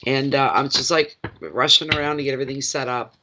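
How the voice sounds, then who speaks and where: A man's voice: medium pitch, fairly quick, highs cut off, noisy background. A man giving a live tarot reading, chatty and joking, and poking fun at himself between cards. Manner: chatty, joking and self-deprecating. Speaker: tarot reader. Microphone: phone.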